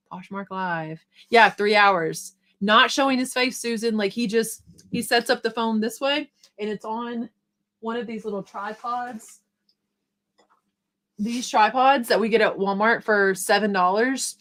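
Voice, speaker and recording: A middle-aged woman hosts a casual live stream, talking fast and upbeat as she reads out viewer comments. Her voice sits at an ordinary pitch, and her tone stays encouraging and chatty.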